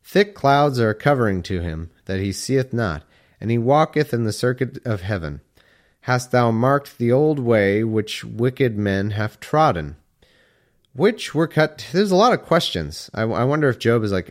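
A man reading old scripture aloud slowly, breaking off for irreverent, wry asides. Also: mid-range voice, animated.

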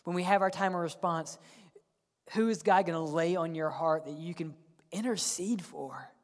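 A male pastor preaching a sermon, swinging from loud emphatic calls to hushed whispers and often repeating words as he presses a point. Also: fairly high pitch, moderate pace. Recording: long church-hall reverb.

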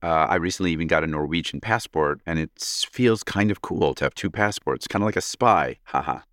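A man with a deep voice co-hosts a casual podcast and reads a listener's letter aloud. He jokes and laughs his way through it. The sound is dry and close. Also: a little fast, fairly bright tone, dry recording. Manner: playful, laughs often, jokes while reading. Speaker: podcast co-host.

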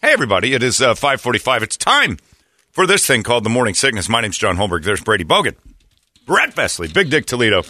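A man hosting a morning radio show talks in a brash, mocking rant. His voice is bright and forceful, and it jumps around a lot in pitch. The studio sound is dry and close. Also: very animated, fast, dry recording. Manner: brash, mocking, ranting, slips into put-on voices. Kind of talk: casual morning radio banter. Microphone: studio microphone.

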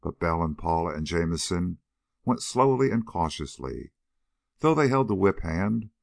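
A man narrating an audiobook of an adventure novel in a steady, expressive reading. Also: low voice, vocal fry, no room sound, clean studio sound. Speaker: audiobook reader.

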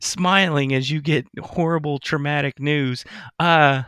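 A man with a slightly high, bright and clear voice, recorded close and dry. He talks in a playful, teasing way, as casual podcast banter. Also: fairly even intonation, measured pace, no echo. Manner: teasing, playful, often laughing. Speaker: podcast co-host. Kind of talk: casual comedic chat.

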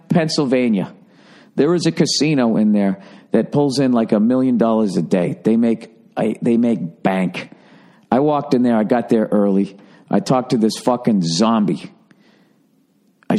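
A man's voice: mid-range voice, measured pace, dark tone. A man, a comedian hosting his own podcast, talking in a blunt, profane, rambling monologue full of asides.

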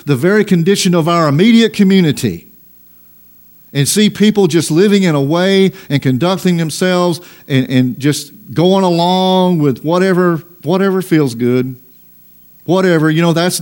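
A man's voice: a little high, a little mellow. Emphatic man preaching a sermon. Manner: preaching with emphatic, rising stresses and slow drawn-out lines; reads scripture aloud in old-fashioned wording. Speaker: pastor.

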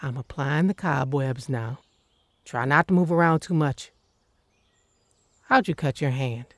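A woman's voice: extremely low pitch, a little slow, heavily acted. A woman playing a curt, suspicious recluse. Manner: curt, commanding, dry put-downs. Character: suspicious reclusive woman in the woods, blunt and commanding. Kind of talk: audio drama acting.

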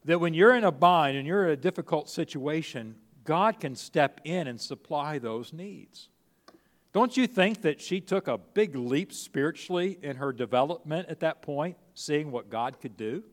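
A man's voice: a little high, animated, normal speed, long reverb tail. A middle-aged male pastor preaching a sermon in a conversational way, often restarting phrases and acting out quoted speech.

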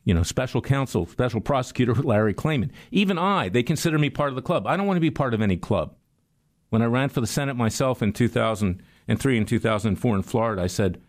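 A man's voice: mid-range voice, fast talker. An older man delivering a sarcastic political commentary monologue, telling stories and jokes. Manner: sarcastic, storytelling, animated.

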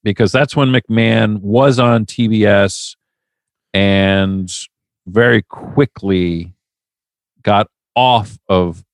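Male podcast host, mid-pitched, swears freely while telling the story, dry close sound. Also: very slow, dry recording. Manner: animated, profane storytelling. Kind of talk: casual chat, recapping.

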